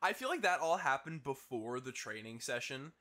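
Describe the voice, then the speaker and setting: Bright, animated podcast co-host. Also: medium pitch, normal speed. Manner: animated, laughs often. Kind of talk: casual podcast chat.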